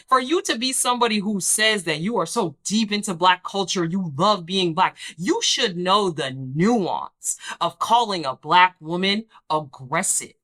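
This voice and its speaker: Lively, bright-voiced woman recapping reality TV. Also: medium pitch. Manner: emphatic, sassy, acts out the people she quotes. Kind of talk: casual recap commentary.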